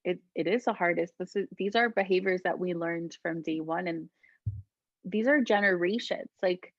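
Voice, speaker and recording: A woman from Colombia, a guest healer, talking gently and reflectively in a casual interview, often laughing. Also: fairly low pitch, normal speed, dry recording, muffled recording.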